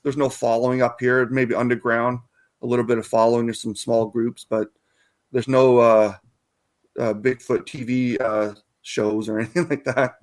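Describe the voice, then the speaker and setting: A man's voice: medium pitch, level tone, normal speed, darkish tone. A man from Canada, a guest researcher, talking casually in an interview, rambling with many fillers and restarts.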